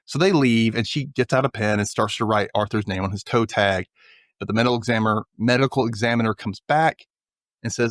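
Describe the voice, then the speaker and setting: A man's voice: mid-range voice, brisk, no room sound, clean studio sound. A man hosting a podcast, casually recapping a TV episode and briefly acting out the characters' lines as he tells it. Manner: animated, acts out characters' lines while retelling scenes.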